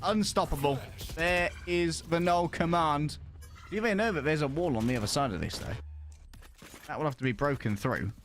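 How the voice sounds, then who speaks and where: A man casting an esports match play by play, excitable and shouting at big plays. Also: fairly high pitch, brisk, soft background music. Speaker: esports caster.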